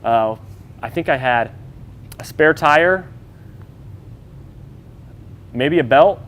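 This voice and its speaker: A man's voice: a little high, animated, drawn-out words, fairly bright tone. A man, an off-road racer, telling his story in a loose, chatty way during an interview. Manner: loose and chatty, many fillers, acts out quoted dialogue.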